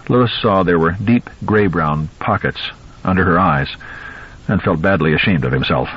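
A man narrating an audiobook in an expressive, measured reading. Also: low voice, slightly rough, dull audio. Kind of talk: scripted narration.

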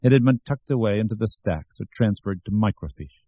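A man narrates an audiobook in a low, mellow voice with measured, even storytelling. His tone has a husky grain, and the recording is dry and close. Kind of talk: scripted narration.

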